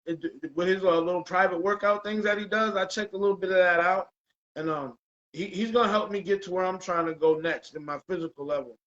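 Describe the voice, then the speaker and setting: A man hosting a casual chat show, relaxed and loose, dropping "bro" and "man" often. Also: high voice, brisk, dull audio. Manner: laid-back, says "bro" and "man" a lot. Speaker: podcast host.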